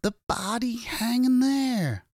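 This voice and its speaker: A man voicing a panicked male shopkeeper who shouts in a high, strained voice. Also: wildly swooping pitch, unhurried, vocal fry, no echo, studio quality, full character voice. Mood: frantic.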